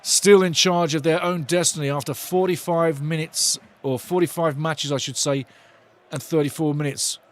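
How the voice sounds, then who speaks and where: A man giving excitable, chatty live football commentary as host of a fan watch-along. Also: on the high side, moderate pace.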